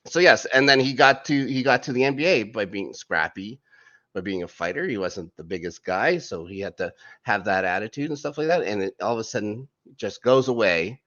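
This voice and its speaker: A man's voice: lowish voice, animated, brisk, fairly bright tone, muffled recording. A man co-hosting a casual TV review podcast, rambling loosely and trailing off with vague fillers. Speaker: podcast co-host.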